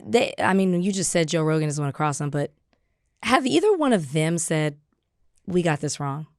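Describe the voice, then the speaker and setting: A woman's voice: low-pitched, lively intonation, moderate pace, darkish tone, no echo, clean studio sound. A woman co-hosting a podcast, talking politics casually and pressing pointed repeated questions. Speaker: podcast co-host.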